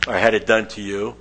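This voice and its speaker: A man's voice: fairly low pitch, noisy background. An older man preaching a sermon in a folksy, conversational way, acting out quoted voices.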